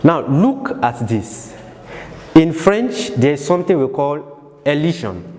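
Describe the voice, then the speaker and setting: A man's voice: on the high side, very animated, slow pace, darkish tone. A man teaching French verb conjugation in English, explaining patiently and repeating each word again and again. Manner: repetitive, drills words again and again. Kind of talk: slow classroom explanation. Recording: long reverb with faint background noise.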